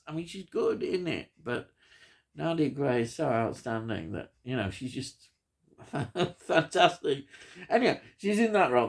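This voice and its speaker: Lively, rambling film buff man. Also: medium pitch. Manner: enthusiastic, rambling with frequent ums. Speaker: film reviewer. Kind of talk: casual film review chat.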